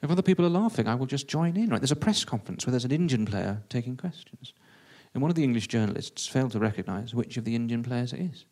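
Quick-talking, self-mocking male storyteller. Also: medium pitch, animated, mellow. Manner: self-deprecating, quick and conversational. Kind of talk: comic first-person storytelling.

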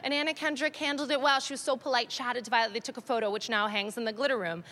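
A Canadian woman in her thirties telling a stand-up story, animated and self-mocking, swinging between dry asides and excited outbursts. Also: a little high, fast talker, a crowd in the background. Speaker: stand-up comedian.

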